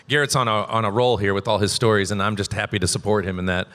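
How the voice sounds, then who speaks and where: A quick-talking man with a bright, forceful voice and a slightly low pitch tells rambling, animated stories on a convention stage. His voice carries the long reverb of a large hall. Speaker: voice actor on a convention panel. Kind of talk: casual panel talk.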